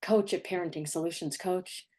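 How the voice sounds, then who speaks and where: A woman's voice: lowish voice, fairly even intonation, normal speed, a little mellow. A middle-aged woman who works as a parenting coach, giving firm, emphatic advice straight to the camera and often repeating herself. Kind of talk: direct-to-camera advice talk.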